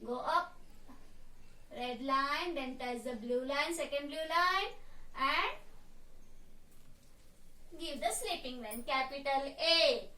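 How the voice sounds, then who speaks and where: A woman teacher leading a slow, deliberate phonics drill for young children, recorded in a roomy classroom from a distant mic. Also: high-pitched, sharp tone. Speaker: primary school teacher. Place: classroom with a board.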